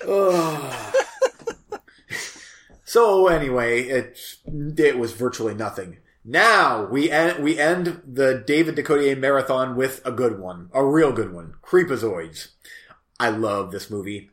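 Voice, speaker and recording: A man talking movies in a casual chat, slow and unhurried, rambling with lots of fillers and restarts. His voice has a roomy echo around it. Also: medium pitch, fairly bright tone. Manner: rambling, halting, many fillers and self-corrections. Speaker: host reviewing movies.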